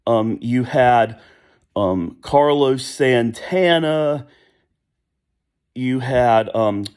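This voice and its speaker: Extremely slow and medium in pitch, this man's voice carries a darkish tone. In his thirties, he rambles through a nostalgic vlog of casual opinions, breaking off to hum and sing pieces of old songs.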